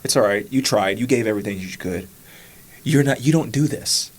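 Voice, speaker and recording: A man hosting a podcast, telling a personal story in casual conversation and acting out his own past words, sometimes whispering, sometimes rising high. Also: fairly quick. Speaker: podcast host.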